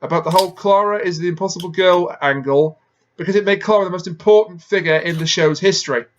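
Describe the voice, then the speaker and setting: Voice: mid-range voice, fast talker, slight background noise. Explanatory podcast host on a dull mic. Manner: explanatory, lays out arguments step by step. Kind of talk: casual chat, episode review.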